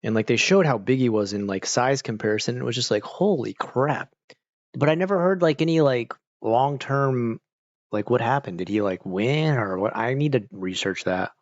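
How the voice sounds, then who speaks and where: A man talks loosely to his livestream viewers from his couch at home, cursing freely and circling his points with endless "like"s and half-started sentences. His voice sits at an ordinary middle pitch. The sound is a little muffled and very dry. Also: moderate pace, dry recording. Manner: rambling, profane, full of "like" and restarts. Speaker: streamer chatting with viewers. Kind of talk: casual livestream chat. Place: at home on a couch with a pet nearby.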